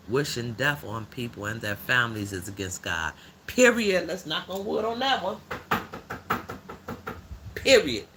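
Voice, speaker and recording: A man voicing a blunt, rough-edged older woman who hosts a livestream and gives preachy commentary in a drawling, slang-filled way. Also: medium pitch, bright, forceful tone, slight background noise, heavily acted. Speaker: livestream host.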